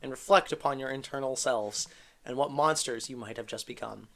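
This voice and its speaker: A man's voice: medium pitch, a little fast, gravelly, a bit bright. A man as game master, narrating a tabletop game with dramatic storytelling.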